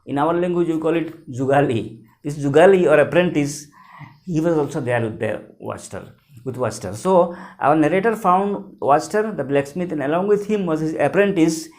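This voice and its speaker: Male teacher, slightly high voice, patient, repetitive explainer. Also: darkish tone. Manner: slow, repetitive explaining, spells out words letter by letter. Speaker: English teacher. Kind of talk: explaining a textbook lesson.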